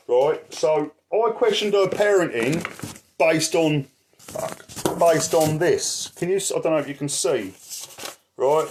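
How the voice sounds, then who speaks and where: An activist vlogger rants angrily, swearing nonstop and throwing in "right?" as he talks. His voice sits high, with slight background noise. He shuffles papers, and his voice drifts away from the mic.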